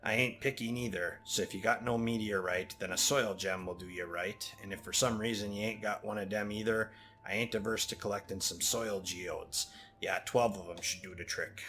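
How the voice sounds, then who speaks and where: Guy doing a low bright goblin trader voice, caribbean-ish lilt, slangy and pushy about his price. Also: fairly even intonation, normal speed, a little hiss or hum, lightly acted. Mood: wheedling. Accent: loose put-on Caribbean-ish lilt. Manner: broken slangy grammar, haggling. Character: greedy scheming male goblin desert scout.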